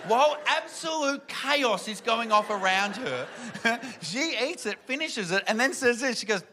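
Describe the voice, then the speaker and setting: A man doing stand-up, telling animated family stories and acting out the people in them. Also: very high-pitched, unhurried, slight background noise. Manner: animated, acts out family members in loud voices. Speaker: stand-up comedian. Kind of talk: stand-up storytelling. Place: comedy venue with audience.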